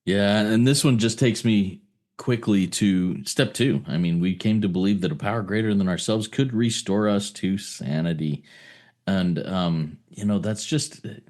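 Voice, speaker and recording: A man co-hosting a recovery podcast, speaking thoughtfully and haltingly and asking himself questions as he goes. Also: fairly low pitch, a little mellow. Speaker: podcast co-host. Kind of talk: reflective recovery podcast talk.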